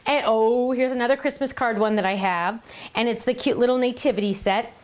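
A middle-aged woman hosts a casual live stream showing handmade cards, speaking a little high and fairly quick. She's chatty and gushing, often laughing and making asides to the person behind the camera.

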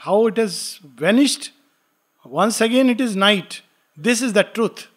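A man lends his own fairly high voice to Death, a cold male philosopher who mocks every hope with dismissive scorn. The delivery stays close to the teacher's plain speech, with a clear sneer in the reasoning. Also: expressive, a little slow, a bit bright, full character voice. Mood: scornful.

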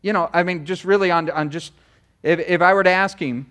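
A middle-aged man preaching a sermon, telling a personal story in a chatty, animated way with many asides. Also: high-pitched, a little fast. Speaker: pastor. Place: church sanctuary.

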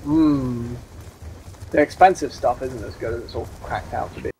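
A man's voice: mid-range voice, normal speed, creaky, heavy background noise. A young man chatting casually with friends while playing a multiplayer shooter, joking and mocking himself. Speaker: gamer. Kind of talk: casual gaming chat.

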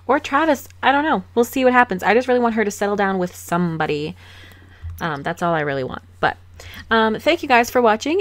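A woman narrates her game in casual, chatty commentary, breaking into giggles and dry sarcastic asides. Her voice sits at an ordinary mid pitch for a woman. It is a close desk-microphone recording from a home setup. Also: no echo. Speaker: let's play host.

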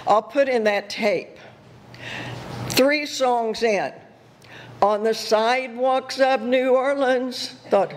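An older woman giving a guest sermon, telling personal stories in an animated way, laughing and acting out her own thoughts. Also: a little high, slow, pauses often. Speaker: guest speaker at church. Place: church sanctuary. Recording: echoey church hall with faint noise.

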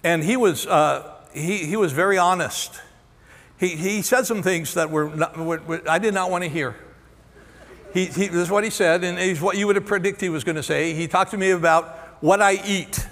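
A pastor in his sixties tells a story from the pulpit with candid, self-deprecating humor, often stopping and starting again mid-phrase. His voice sits high for a man. The sound rings with the long reverb of a large church auditorium. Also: normal speed, a bit bright, a little hiss or hum. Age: 60s. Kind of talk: storytelling sermon.

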